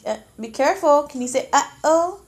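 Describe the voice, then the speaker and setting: A woman at home coaxing a toddler to say words, prompting in a drawn-out, sing-song way. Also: high voice, expressive. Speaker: parent.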